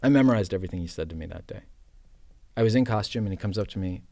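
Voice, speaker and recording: Man, actor guest, lowish voice, dry close sound, animated, self-mocking, casual storytelling. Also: very fast, vocal fry, no room sound. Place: podcast studio.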